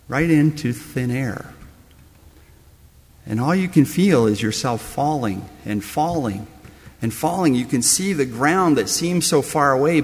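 A man's voice: a little high, in a large hall. A man preaching a sermon, telling a story that speaks straight to the listener as you. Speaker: pastor.

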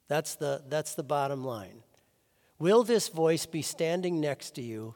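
A man preaching a sermon as pastor, earnest, swinging between loud stressed words and soft low phrases. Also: expressive, moderate pace, big-room sound.

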